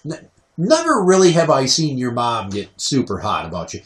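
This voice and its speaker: A man co-hosting a casual podcast chat, talking loudly by nature and ranting with lots of swearing. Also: medium pitch, huge pitch swings, normal speed. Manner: loud natural speaking voice; profane, ranting storyteller. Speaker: podcast co-host.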